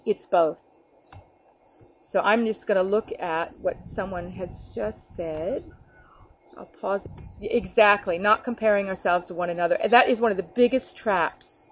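A woman's voice: medium pitch, unhurried, slightly rough. Earnest woman preaching over dull online audio. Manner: earnest and conversational, with many restarts and acted-out quotes. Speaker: preacher leading an online ministry group. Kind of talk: informal spoken sermon.

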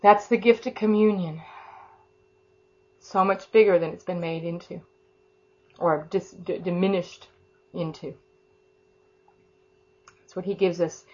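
A woman's voice: on the low side, fairly even intonation, normal speed, long pauses. Fervent woman in devotional talk, lo-fi. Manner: soft, fervent, rambling with many restarts. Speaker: prayer and teaching leader. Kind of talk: informal devotional talk and prayer. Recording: slightly dull lo-fi sound.

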